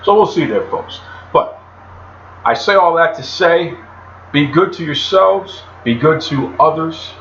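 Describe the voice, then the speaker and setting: A man hosting a solo podcast in a chatty, animated way, talking about himself by name. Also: on the high side, a little slow, slight background noise. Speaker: podcast host. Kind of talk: solo wrestling podcast talk. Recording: roomy, dull lo-fi home recording.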